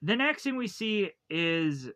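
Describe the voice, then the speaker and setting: A man talks through a movie's plot in a loose, rambling review, piling on fillers and restarting his sentences. His voice is bright and forward. The recording is dry, with no room sound. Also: high voice, sing-song, takes it slowly, no echo. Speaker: film reviewer. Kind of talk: casual spoken movie recap.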